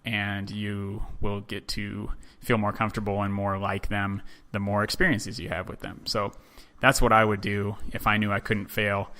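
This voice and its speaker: A man hosting a podcast, telling a story in a relaxed, chatty monologue full of "um" and "you know". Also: lowish voice, moderate pace. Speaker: podcast host.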